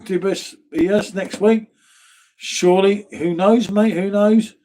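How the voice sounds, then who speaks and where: This live stream pub host is a middle-aged Englishman with a southern English accent from near London. His voice is high-pitched and warm, slow and fairly even in intonation, as he chats casually, reads viewer comments, and keeps saying "mate".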